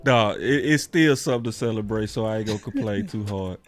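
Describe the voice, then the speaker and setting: A man hosting a casual sports talk stream, laid-back and slangy, quick to laugh. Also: fairly low pitch, faint music behind. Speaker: show host.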